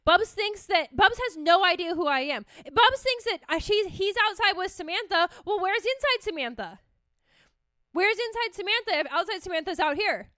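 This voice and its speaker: A woman's voice: extremely high pitch, expressive, normal speed, fairly bright tone, no echo, clean studio sound. A woman hosting a casual solo podcast, telling rambling comic stories and swearing freely. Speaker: podcast host.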